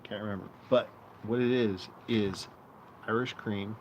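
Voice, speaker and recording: A man's voice: fairly low pitch, steady tone, measured pace, slight background noise. A man hosting a live stream, rambling through bar stories in casual, profane chat. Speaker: streamer host. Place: outdoor patio.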